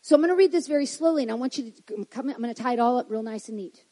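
High-voiced, mellow woman preaching emphatically. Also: rapid-fire, hardly any pauses, rough recording. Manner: emphatic, rising to loud declarations and dropping to low asides. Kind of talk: sermon.

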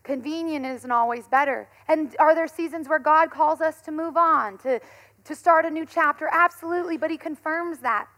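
Speaking at a moderate pace in a high-pitched voice, this pastor, a woman in her thirties, delivers a conversational sermon. Her storytelling is animated and she laughs frequently.

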